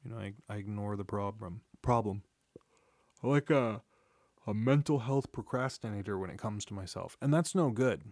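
A fairly low, slightly mellow voice comes through at a moderate pace in a dry, studio-quality recording made on a studio mic. The man, in his thirties, hosts a solo podcast, rambling candidly and confessionally, swearing often, restarting his sentences, and yawning from fatigue.

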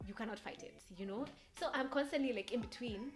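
On a casual solo podcast, a young woman from Kenya talks a little fast in a high-side voice, her Kenyan English accent drifting American. She rambles, flits between thoughts, and laughs often as host.

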